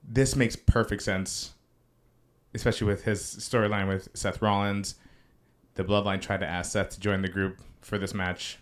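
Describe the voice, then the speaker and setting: Low-voiced joking man podcast co-host. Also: steady tone, moderate pace, long pauses. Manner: enthusiastic, joking, swears casually. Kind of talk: casual chat.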